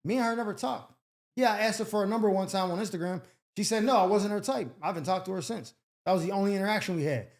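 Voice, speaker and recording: Calm young boyfriend, soft and dismissive , as a male host acts him out, roomy echo. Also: high voice, quick pace. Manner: soothing, dismissive.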